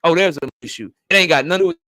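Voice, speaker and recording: A man's voice: a little high, very fast, pushed and bright, no room sound. A middle-aged man hosting a channel, arguing his point insistently and with a lot of profanity in a heated debate. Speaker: channel host.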